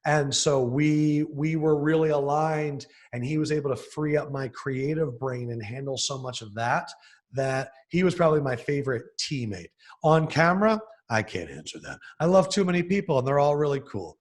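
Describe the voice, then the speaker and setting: Here a young Philadelphia-area sports TV host recounts stories at a moderate pace, his pitch fairly high. The podcast interview is casual, and he erupts in lively, excited bursts.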